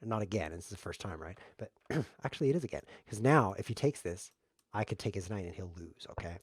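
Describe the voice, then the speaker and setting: A man's voice: low-pitched, animated, fast talker, husky, no echo, studio quality. Jokey man narrating his chess game. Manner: jokey self-mocking play-by-play, laughs often. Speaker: streamer playing chess variants. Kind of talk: casual live game commentary.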